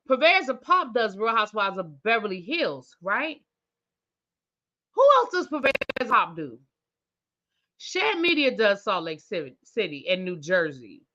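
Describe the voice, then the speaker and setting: A woman's voice: mid-range voice, very animated, a little slow, pushed and bright, highs cut off. A woman hosting a TV review channel, recapping an episode in casual chat, thinking aloud and talking straight to her viewers. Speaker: TV review host.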